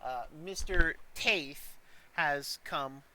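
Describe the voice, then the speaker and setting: A man's voice: on the high side, drawn-out words, background noise. A man narrating as dungeon master in a loose, rambling way with many fillers. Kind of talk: narrating a tabletop game.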